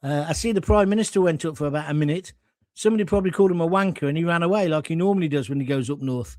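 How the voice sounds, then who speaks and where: A man's voice: a little high, very fast, darkish tone, no echo. A middle-aged man hosting a live political chat show, reading out viewer comments with blunt, sardonic asides that wander off topic. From England.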